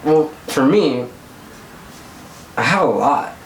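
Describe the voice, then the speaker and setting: A young Southern Californian man hosts a vlog, telling rambling, casual stories stuffed with fillers. His medium-pitched voice has lively intonation and a slow pace, with a little hiss or hum, recorded from a distance in an echoey room.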